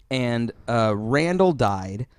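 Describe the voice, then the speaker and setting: A young man co-hosting a podcast, telling stories in a lively, halting way with many restarts. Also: medium pitch, smooth, dry recording. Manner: animated storytelling with many restarts. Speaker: podcast co-host. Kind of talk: casual chat.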